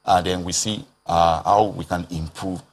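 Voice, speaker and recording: A man with a Nigerian accent speaking as a health expert on a TV panel, measured and explanatory, with "um" and "uh" hesitations. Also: low-pitched, fairly even intonation. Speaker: public health expert guest. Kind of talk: TV panel discussion.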